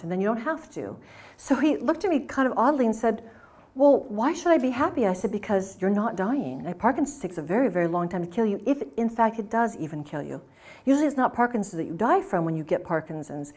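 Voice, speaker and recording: A woman talking at a conference at a middle pitch. She tells her stories with energy and slips into the voices of the people in them. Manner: animated, acts out the dialogue of her stories. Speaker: conference speaker. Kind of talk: lecture storytelling. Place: conference hall.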